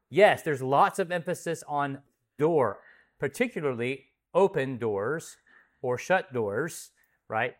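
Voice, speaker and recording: Guy pastor doing a bible study, chatty, asks the group stuff, normal pitch. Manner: conversational, asks the group questions. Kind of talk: Bible study teaching with prayer.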